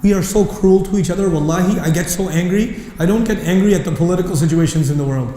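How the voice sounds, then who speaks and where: A man giving an impassioned lecture on Quran verses, mixing English with Arabic recitation and rising to near shouting. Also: sits high, fast talker. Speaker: Islamic lecturer. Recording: echoey hall reverb.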